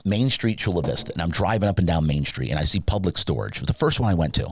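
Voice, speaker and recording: A very low-voiced man tells a rambling personal story as a podcast guest. He gets animated and jumps his voice way up when he acts out dialogue. The sound is dry and close, with no room echo. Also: quick pace, breathy edge. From Southern California. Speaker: podcast guest, sleep business founder. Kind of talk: casual storytelling interview.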